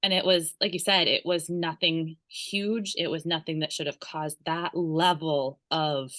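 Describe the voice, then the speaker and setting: A woman's voice: sits low, fairly even intonation, measured pace, sharp tone, dry recording. A woman hosting an interview, relating with empathy to her guest's story and sharing her own. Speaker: podcast host. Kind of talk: conversational interview.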